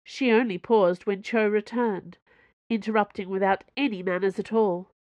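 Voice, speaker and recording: Woman audiobook narrator, even and measured, dry booth sound. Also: mid-range voice, dry recording.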